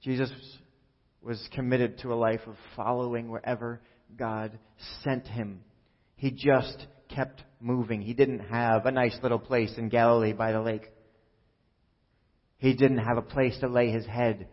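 A man's voice: medium pitch, flat delivery, measured pace. A male pastor preaching a sermon in a conversational, joking way, acting out the quoted lines. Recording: muffled sound with long hall reverb.

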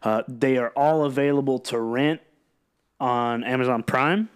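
A man's voice: medium pitch, measured pace, clear, resonant tone. A young man co-hosting a podcast, chatting casually and hesitantly with lots of ums. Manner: relaxed, hesitant with many ums. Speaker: podcast co-host. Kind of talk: casual chat.

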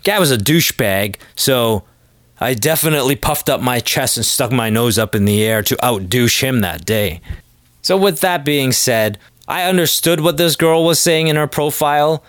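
A man talking alone into the mic in a crude, joking monologue. His voice sits at a middle pitch and he bursts into loud, high exclamations. The sound is dry and close, with no room echo. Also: animated, moderate pace. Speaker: podcast host. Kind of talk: casual comedic monologue.

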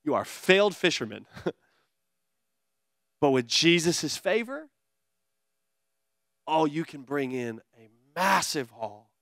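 A male pastor preaching a sermon in an energetic, conversational way, with playful asides. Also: on the high side, slow pace, long pauses, no echo, clean studio sound.

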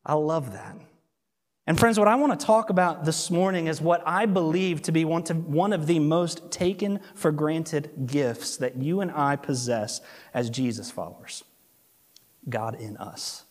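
A man preaching a sermon as pastor, telling stories with animated delivery and slowing down for emphasis. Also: fairly high pitch. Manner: animated storytelling, slows for emphasis. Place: church sanctuary. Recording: long hall reverb.

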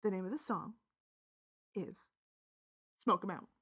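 A woman's voice: medium pitch, a little slow, fairly bright tone, breathy edge. A woman co-hosting a podcast in casual, giggly banter with her co-host. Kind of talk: casual chat.

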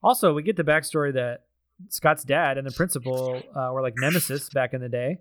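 Male podcast host, mid pitch, dry, easygoing plot recap. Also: fairly quick, no echo. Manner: recaps the plot and hands off to others. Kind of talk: casual chat.

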